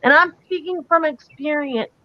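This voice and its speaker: A woman's voice: high-pitched, moderate pace, dry recording, muffled recording. A woman co-hosting a live psychic talk show, speaking earnestly and emphatically, repeating her key points. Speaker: psychic co-host.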